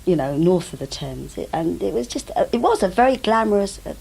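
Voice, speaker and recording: An older woman telling lively stories about her stage career, often acting out the voices of other people. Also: fairly low pitch, brisk, vocal fry, slightly rough, poor audio. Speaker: interviewee, actress recalling her career. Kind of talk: anecdotal reminiscing. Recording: old VHS broadcast tape.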